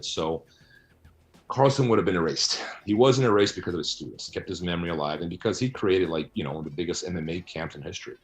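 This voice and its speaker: A man interviewed about his book, answering bluntly and argumentatively, often tagging his points with "right?" and "you know". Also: sits low. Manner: blunt, argumentative, rhetorical asides.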